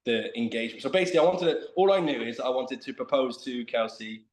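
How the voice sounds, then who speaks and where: A man's voice: medium pitch, animated, fast, reverberant. A man telling a long, self-mocking story in casual chat as a guest on a video call.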